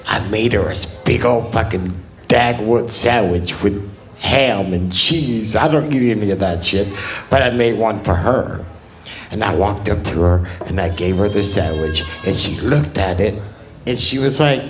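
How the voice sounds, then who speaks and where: Slow laid-back male stand-up comic. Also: fairly low pitch. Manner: slow, laid-back storytelling with crude punchlines. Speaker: stand-up comedian. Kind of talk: stand-up comedy set.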